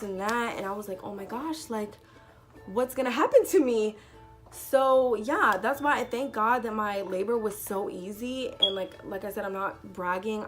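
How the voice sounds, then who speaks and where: Chatty young woman telling a storytime. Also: mid-range voice. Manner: chatty, animated retelling with lots of "like". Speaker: vlogger. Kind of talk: casual storytime.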